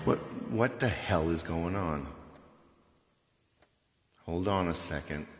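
Low, gravelly man hosting a casual live stream, lively and joking, with long roomy reverb. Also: slow, faint music behind. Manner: joking, rambling, playful. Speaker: live stream singer host.

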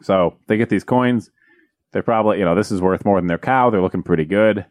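A man casually retelling a fairy tale with jokes, rambling and slipping into quick character voices. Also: on the low side, darkish tone, no room sound. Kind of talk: casual comedic chat.

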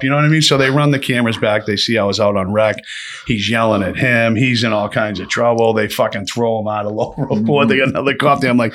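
A man telling rough prison stories in a casual, profane, animated way, acting out the voices. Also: mid-range voice, fast talker. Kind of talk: casual storytelling chat.

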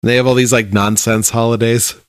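A man's voice: medium pitch, flat delivery, brisk, no echo, clean studio sound. A man co-hosting a casual chat about a TV show, laid-back, swearing and laughing often. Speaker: podcast co-host.

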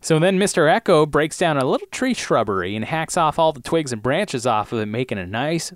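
A man's voice: on the high side, very animated, brisk, no echo, clean studio sound. A man co-hosting a podcast, recapping TV episodes in a casual, jokey chat and riffing on bits. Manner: jokey, riffs on bits and laughs often. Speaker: podcast co-host.

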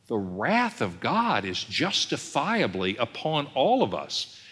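A man's voice: a little high, slow, slightly rough. A man preaching a sermon as pastor, acting out imagined dialogues as he teaches. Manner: animated, acts out imagined voices and dialogues. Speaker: executive pastor. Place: church sanctuary. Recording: long hall reverb.

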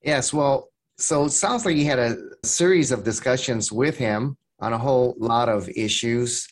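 A man's voice: mid-range voice, unhurried. Male podcast host asking questions. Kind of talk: interview questions.

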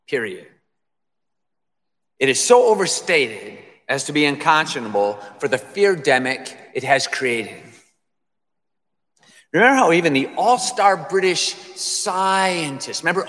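A man's voice: medium pitch, animated, a little slow, long pauses, fairly bright tone, big-room sound. A man preaching an emphatic sermon to his congregation, repeating phrases for effect.

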